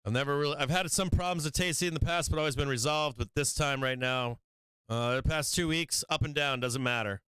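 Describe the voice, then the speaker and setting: A man's voice: on the high side, a little fast, bright, forceful tone, clean tone, dry recording. Man, trading stream host, casual profane venting, resonant voice, dry room.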